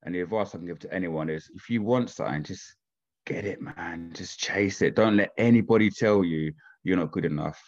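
A man's voice: low voice, quick pace, few pauses, a little mellow, lo-fi sound. A man, chatting casually as a podcast guest and telling stories informally and with animation. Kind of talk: casual chat.

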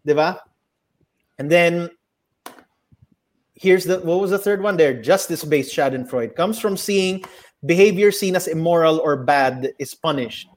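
A young Filipino man with a Filipino accent, co-hosting a casual podcast chat, animated, slipping into Tagalog and swearing. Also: on the high side, a little slow, long pauses. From Philippines. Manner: animated, mixes Tagalog into English, swears, mock voices. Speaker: podcast co-host.

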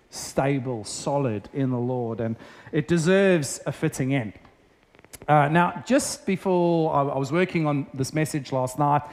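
A man in his thirties preaching a sermon, telling stories in a chatty, self-deprecating way. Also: fairly high pitch. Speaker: pastor.

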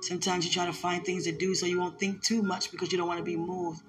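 A woman's voice: lowish voice, flat delivery, quick pace, music in the background. A woman giving a heartfelt, emotional religious message, repeating herself and laughing often.

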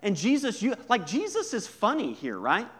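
A man preaching a sermon as a pastor, conversational and humorous, moving between hushed asides and emphatic points. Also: sits high, wildly swooping pitch, normal speed, slightly rough.

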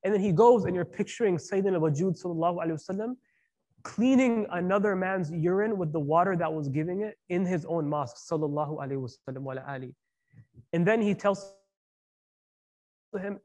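A man's voice: sits high, brisk, darkish tone. A man giving a conversational sermon, asking the audience questions and mixing in slang. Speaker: preacher.

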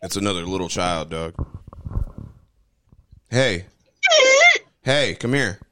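A man co-hosting a video chat stream, teasing strangers in crude, loud joking banter over a headset. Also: lively intonation, slow pace, slight background noise. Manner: loud, teasing, swings his pitch widely.

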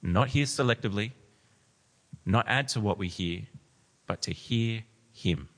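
A man with a low voice preaches in a church hall, and long reverb trails after his words. He reads scripture with swelling emphasis, then settles into plain explanation for his congregation. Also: unhurried, a bit bright. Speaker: pastor. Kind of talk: sermon with scripture reading.

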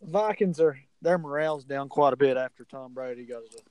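Guy talking football slow with some stutters, mid pitch. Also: a little mellow, no echo, poor audio. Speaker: co-host picking games. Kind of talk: casual sports chat.

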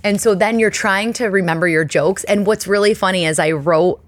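A woman in her thirties hosting a podcast, telling stories in a chatty, self-deprecating, animated way. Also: mid-range voice, a little fast, dry recording. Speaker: podcast host. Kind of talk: casual chat.

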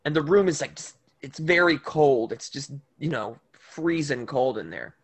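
A man's voice: on the high side, lively intonation, moderate pace, husky. A man narrating as game master of a tabletop game, loose and full of fillers.

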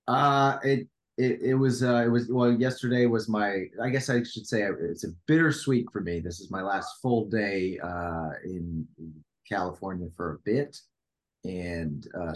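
A middle-aged man co-hosting a podcast in casual chat, rambling with many stammered restarts. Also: sits low. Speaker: podcast co-host.

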